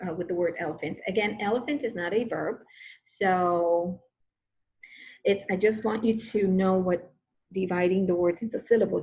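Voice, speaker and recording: A woman's voice: lowish voice, highs cut off. A woman teacher giving a recorded grammar lesson, patient and repetitive, often checking in with "okay?".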